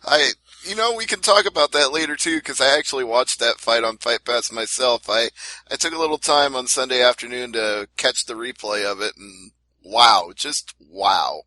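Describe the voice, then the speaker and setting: A man with a bright, sharp-edged voice hosts a casual podcast, chatting and tossing out follow-up questions. The sound is close and dry, with no room around it. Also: mid-range voice, normal speed, no room sound, low-quality recording. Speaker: podcast host.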